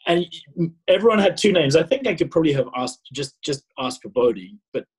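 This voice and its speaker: A man from South Africa in his thirties, telling a personal story as a podcast guest, animated and full of fillers. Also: fairly high pitch, brisk, slightly rough, low-quality recording. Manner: animated, acts out his own past dialogue, many fillers and restarts. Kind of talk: casual storytelling.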